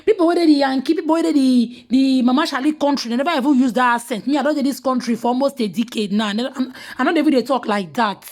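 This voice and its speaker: A woman with a Nigerian Pidgin accent telling gossip in casual commentary, mocking and animated, sometimes dropping to hushed asides. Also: high voice, fast talker, few pauses. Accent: Nigerian Pidgin English.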